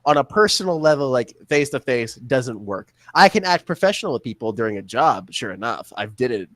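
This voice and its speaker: A man's voice: medium pitch, big pitch swings, fairly quick, a bit bright, no room sound. A young man co-hosting a podcast, talking bluntly and swearing freely in casual chat. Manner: blunt, profane, self-deprecating. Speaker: podcast co-host.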